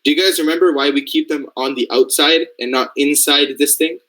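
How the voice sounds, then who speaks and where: A man's voice: a little high, steady tone, fairly quick, sharp tone, rough recording. Casual young man teaching code. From Canada. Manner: casual, thinking aloud, checks understanding often. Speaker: robotics programming mentor. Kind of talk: screen-share coding lesson.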